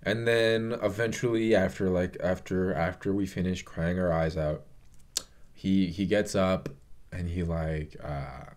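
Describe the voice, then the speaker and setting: A man's voice: low-pitched, steady tone, unhurried, a little mellow. A young man vlogging a casual, emotional movie review, swearing often and rambling with fillers.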